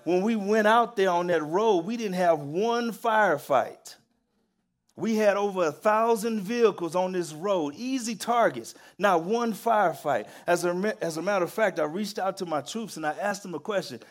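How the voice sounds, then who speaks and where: A man preaching a sermon, telling stories with emphatic repetition and building to loud, excited peaks. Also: high voice, normal speed.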